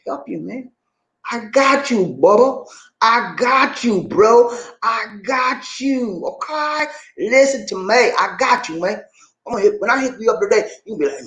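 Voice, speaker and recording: A man hosts a casual advice video and keeps hyping his viewers with playful, repeated catchphrases. His voice sits a bit high for a man and swings up and down constantly. The room around him is roomy and echoey. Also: sing-song, normal speed, a bit bright. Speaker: dating advice host. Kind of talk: casual hyped video talk.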